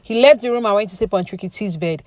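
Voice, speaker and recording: Woman vlogger, casual opinionated recap, dry close sound, mid pitch. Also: quick pace, darkish tone, no echo. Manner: chatty, opinionated, many fillers like "you know". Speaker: reality TV commentary vlogger.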